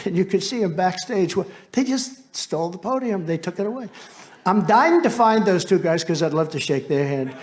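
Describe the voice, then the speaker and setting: A man's voice: high voice, darkish tone. Rambling man giving a rally speech. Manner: rambling, boastful, with asides to the crowd. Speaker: political candidate. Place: political rally.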